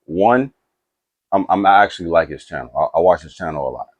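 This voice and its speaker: A man chatting casually to camera about movies, rambling with restarts and asides and getting excited. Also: low-pitched, fairly quick, dry recording, dull audio. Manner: animated and excitable. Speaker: movie reaction YouTuber.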